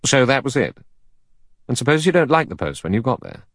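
A man playing a smooth, self-assured captain. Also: mid-range voice, big pitch swings, fairly quick, a bit bright, dry recording, clean studio sound, pitched above the performer's own voice. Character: male army captain, easy and assured.

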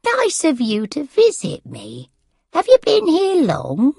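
A woman voicing an elderly, confused mother who talks in a slow, quavering, petulant way. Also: mid-range voice, huge pitch swings, creaky, fairly bright tone, slightly rough, dry recording, studio quality, pitched above the performer's own voice, heavily acted. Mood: bright. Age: older.

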